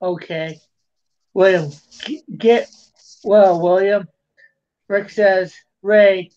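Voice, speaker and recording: A man's voice: high-pitched, fairly even intonation, drawn-out words, a little mellow, lo-fi sound. A man hosting a live stream in casual chat, reading viewer comments aloud, rambling and stumbling over his words.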